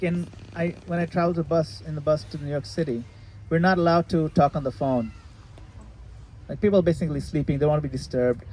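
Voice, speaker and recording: A man leading a retreat session, explaining a practice in a relaxed, casual way and sometimes laughing at his own jokes. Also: a little high, rough recording. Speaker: retreat leader answering questions. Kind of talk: casual teaching in a group session. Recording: faint background noise.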